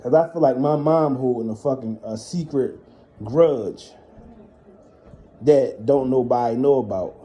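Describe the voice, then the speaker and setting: A man's voice: medium pitch, unhurried, dark tone. A man telling personal stories in a casual monologue, blunt and heavily profane as he vents. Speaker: storyteller.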